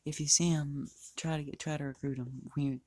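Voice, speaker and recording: A man doing an eager young goddess, pitched up. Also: flat delivery, moderate pace, a little mellow, slight background noise, close to an everyday voice.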